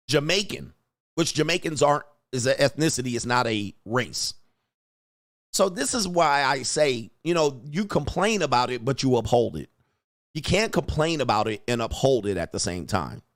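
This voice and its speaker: A man's voice: mid-range voice, dry recording, clean studio sound. A man hosting a livestream as a coach, talking in a blunt, emphatic, profane way and reading out chat.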